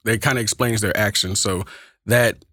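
A man's voice: fairly low pitch, fairly even intonation, normal speed, bright, forceful tone, dry recording. Texas-accented man, dry close voice. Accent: Texas country. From Oakland, California, and Texas. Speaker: guest; public speaking teacher. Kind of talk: casual interview chat.

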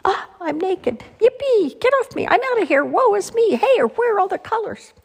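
A woman voicing a box of excitable, childlike crayons in a storybook reading, high and frantic. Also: a little fast, vocal fry, heavily acted. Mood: excited.

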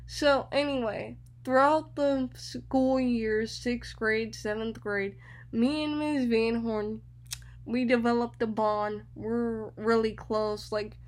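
A young woman hosting a radio show, telling personal stories in an animated way and acting out other people's voices. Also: fairly high pitch, slow. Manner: animated storytelling, acts out others' voices, repeats words.

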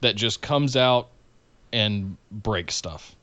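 A man's voice: fairly low pitch, lively intonation, slow, a bit bright, dry recording. A man co-hosting a casual wrestling chat podcast, blunt and sarcastic. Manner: blunt, sarcastic, reads viewer comments.

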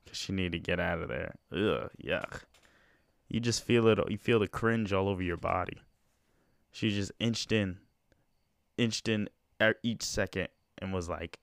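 Man, young, podcast host, low pitch, dry recording, rambling casual chat. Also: unhurried, vocal fry, dry recording. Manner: rambling, loose and conversational with frequent fillers.

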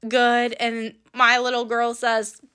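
A young woman talking earnestly and casually about her faith, chatty and quick to laugh. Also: fairly high pitch, monotone, sharp tone, clean tone. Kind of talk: casual personal faith testimony.

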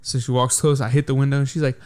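男性播客主持人，粗口连篇地讲故事. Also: male voice, mid-range voice, little pitch movement, fast talker, darkish tone, smooth. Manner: profane, heated storytelling. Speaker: podcast host. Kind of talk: casual podcast chat.

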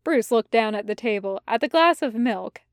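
A woman reading a fan story aloud as audiobook narration, in a measured, even storytelling manner. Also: on the high side, no room sound, clean studio sound. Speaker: podfic reader.

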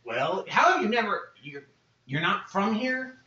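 A man's voice: high voice, very animated, a little slow, sharp tone, voice pushed up, full character voice. A man doing a dim, hungry goblin. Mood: blunt. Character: smelly hungry male goblin servant, simple-minded. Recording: echoey room, dull lo-fi sound.

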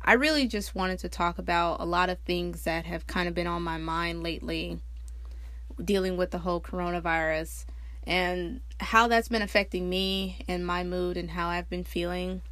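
A woman hosting her own podcast, talking casually and candidly, laughing often and swearing freely as she tells stories with big jumps in pitch. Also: steady tone, moderate pace, a bit bright, no room sound. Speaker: podcast host. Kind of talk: casual personal monologue.

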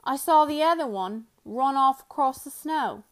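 A woman's voice: high voice, lively intonation, unhurried, pitched above the performer's own voice. A woman voicing an uneasy grizzled sled-dog driver with a rustic backwoods dialect.

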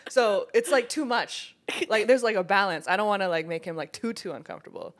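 A woman's voice: mid-range voice, animated, brisk. A woman chatting casually, telling a rambling story, laughing and acting out what people said. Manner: rambling, laughing, acts out quotes. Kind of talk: casual chat.

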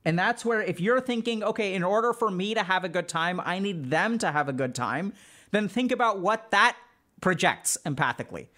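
Guy w a pretty high voice teaching his stream chat, super casual, says like a lot. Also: expressive, moderate pace, bright, forceful tone. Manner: loose and conversational, heavy use of "like". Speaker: streamer teaching social skills. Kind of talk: casual spoken lecture to a live chat.

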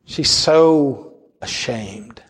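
A man preaching a sermon, building to high impassioned cries and dropping to low, hushed storytelling. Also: extremely slow, slightly rough, in a large hall.

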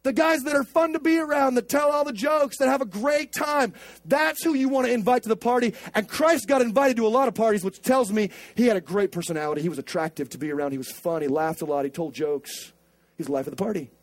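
A male pastor preaching loosely, joking and slangy. His voice is fairly high, and the recording is dry with little room sound. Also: fast talker, no echo. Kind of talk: casual preaching.

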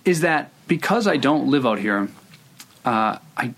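Man, 30s, screenwriter guest, casual interview chat, rambling with restarts, mid-pitched voice. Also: very animated, measured pace, gravelly, a bit bright. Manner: rambling, many restarts and hedges.

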